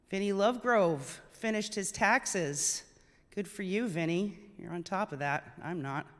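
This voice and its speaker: Slow-spoken worship leader with hall reverb. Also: mid-range voice. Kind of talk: leading a worship service and reading poetry. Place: online church service over a video call.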